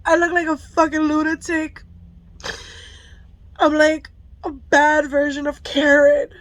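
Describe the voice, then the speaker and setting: High-voiced woman swearing through a raw story. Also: completely flat delivery, slow pace, no echo. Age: adult parent of a school-age child. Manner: heavy swearing, emotional, frank. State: tearful at times. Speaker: mother telling a personal story. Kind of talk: candid storytime vlog.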